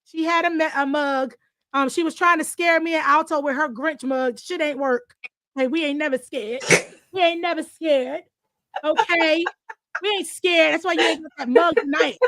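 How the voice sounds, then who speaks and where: A high-pitched woman hosting a casual talk show. She speaks candidly and emotionally, with plenty of slang and cursing. Her voice is close and dry, with no room sound. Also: normal speed, a bit bright, no echo. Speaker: host. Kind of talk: casual chat.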